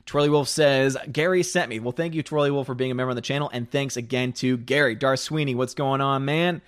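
A man's voice: mid-range voice, fairly even intonation, a little fast. A man hosting a live stream, reading out viewer comments in a casual, joking way and laughing often.

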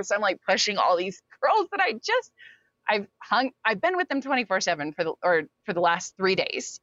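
A woman's voice: lowish voice, expressive, moderate pace, a bit bright, dry recording. A young adult woman, an interview guest, recounting a personal story candidly, with many fillers and quoted asides. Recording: dull, lo-fi sound.

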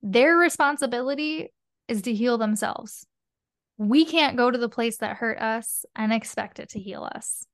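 A woman guest, a spiritual mentor, speaks unhurriedly in a fairly high voice during a casual podcast interview. She's expressive, drops the occasional swear word and acts out inner voices.

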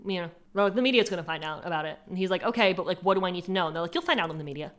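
A woman co-hosting a casual true-crime podcast, retelling events in an animated way, acting out the people involved and swearing freely. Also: fairly low pitch, racing. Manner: animated storytelling, acting out quotes, profane. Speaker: podcast co-host.

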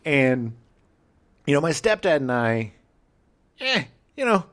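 A man in middle age co-hosts a casual podcast, his voice sitting a touch high and swinging widely in pitch. He talks in a playful, joking way, leaning into stories with animated delivery. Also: slow. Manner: playful, breaks into exaggerated singing. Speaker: podcast co-host. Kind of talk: casual chat.

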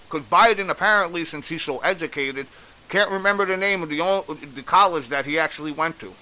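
A man's voice: on the high side, pushed and bright, rough recording. A man giving a blunt, exasperated opinion rant, swearing freely as he recaps and criticizes. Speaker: commentator. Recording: faint hiss.

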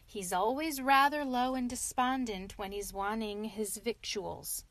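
A woman's voice: on the high side, animated, a little slow, fairly bright tone, no echo. A woman doing a scolding, sensible storybook rat. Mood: hushed. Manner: scolding, earnest lecturing. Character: sensible, reproachful male water rat.

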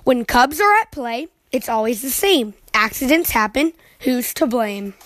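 Expressive female storyteller for children, bright-pitched, close and dry. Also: a little slow, dry recording. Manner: expressive, lively reading. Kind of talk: reading a picture book aloud.

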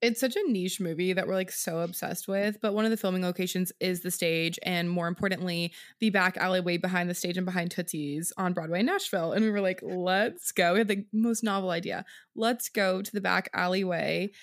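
A woman's voice: lowish voice, steady tone, brisk, few pauses. A young woman co-hosting a podcast, telling a story in casual chat with frequent laughs. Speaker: podcast co-host.

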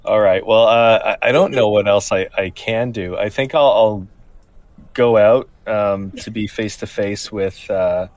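Low-voiced man playing a tabletop game. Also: measured pace, no echo. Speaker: player. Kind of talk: casual tabletop game chat.

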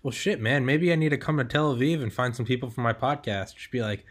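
Young adult American male podcast host; relaxed, profane, quick to laugh. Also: mid-range voice. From United States. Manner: laid-back, swears freely, laughs often. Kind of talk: casual podcast interview.

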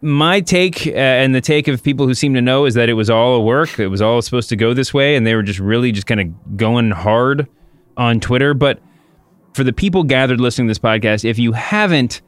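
A man's voice: medium pitch, fairly quick, smooth, no room sound. A man hosting a wrestling podcast in casual chat, rambling and restarting his sentences. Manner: rambling, self-interrupting. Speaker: podcast host.

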